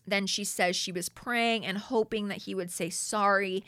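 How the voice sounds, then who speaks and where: A young woman hosting a casual reality TV recap, animated and slangy as she reads from her notes. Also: mid-range voice, moderate pace, no room sound, studio quality.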